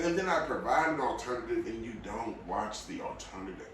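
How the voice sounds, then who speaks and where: A man hosting a podcast, talking casually in a blunt, opinionated way that swings between low mutters and loud outbursts. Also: moderate pace, hardly any pauses, slight background noise. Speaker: podcast host. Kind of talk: casual solo podcast rant. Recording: very echoey room, mic at a distance.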